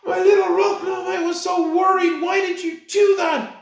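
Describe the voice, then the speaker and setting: A man voicing a worried, doting dwarf mother in a tabletop game, in a high fussing voice. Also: level tone, normal speed, very echoey, raised voice, soft background music. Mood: anxious, relieved.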